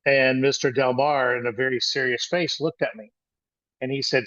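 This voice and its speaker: A man in his sixties shares a childhood memory, rambling and halting with frequent restarts. His mid-range voice has fairly even intonation and a fairly bright tone, though the dry recording sounds a little dull, with no room around him.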